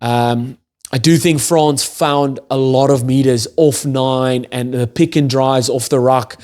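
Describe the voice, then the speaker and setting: A man's voice: medium pitch, fairly even intonation, slow, darkish tone. Chatty young man reviewing rugby. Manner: enthusiastic, exclaims "holy", loose and chatty. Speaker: rugby channel host. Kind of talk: casual match review.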